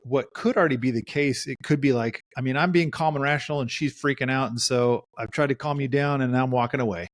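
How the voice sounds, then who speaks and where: A man's voice: mid-range voice, quick pace, hardly any pauses, no room sound, clean studio sound. A man, a therapist co-hosting a podcast, talking things through in a reflective way and acting out quoted lines. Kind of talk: casual podcast discussion.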